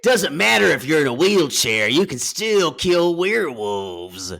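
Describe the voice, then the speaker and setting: A man doing a loud, goofy movie-star voice, baring his teeth and playing up a mock-menacing swagger. The delivery is bright and hammy, with pitch leaping all over the place. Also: very animated, a little slow, gravelly, full character voice.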